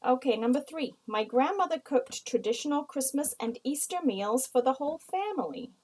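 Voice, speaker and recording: A woman from the United States teaching a writing lesson, explaining slowly and reading example sentences aloud. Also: sits high, expressive, a little mellow, a little hiss or hum, poor audio.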